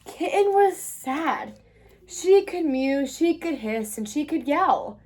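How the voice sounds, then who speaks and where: A woman from the United States reading a children's picture book aloud, expressive and sing-song. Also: sits high, slow. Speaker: children's book reader, channel host. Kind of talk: read-aloud storytelling.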